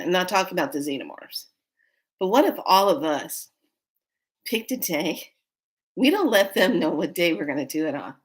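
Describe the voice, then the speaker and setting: Lively low-voiced woman telling a story. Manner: animated, laughs often while telling. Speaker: vlogger. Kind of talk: casual storytelling.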